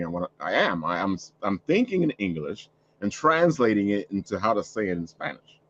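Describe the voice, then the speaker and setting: A man's voice: lowish voice, very animated, quick pace, fairly bright tone, slightly rough, muffled recording. A man hosting a casual chat, rambling with many restarts and frequent laughter. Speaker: podcast host.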